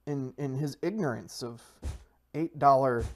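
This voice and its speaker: A man giving playful gameplay commentary, rambling and self-mocking as he hypes his plans like a salesman. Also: unhurried. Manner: mock sales-pitch hype, rambling with restarts. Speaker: Minecraft server player and video creator.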